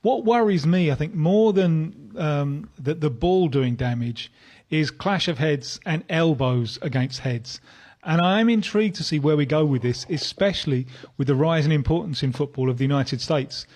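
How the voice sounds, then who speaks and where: A man discussing football on the radio in a measured, analytical way, with frequent stammered restarts. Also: on the high side, a little mellow. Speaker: studio pundit.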